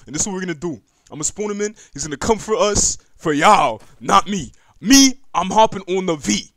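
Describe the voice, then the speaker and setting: A young man giving casual gaming commentary, slangy and excitable, chatting to the game's creatures and yelping when startled. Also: sits high, fairly quick, no room sound, clean studio sound. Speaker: gaming YouTuber.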